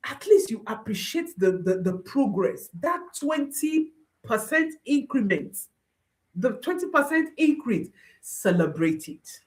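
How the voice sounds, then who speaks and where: A woman coaching parents in a motivational talk, her voice set a little high and swinging widely in pitch. She drives each point home by repeating short phrases as refrains. Her voice rises and drops sharply for emphasis. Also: very animated, measured pace.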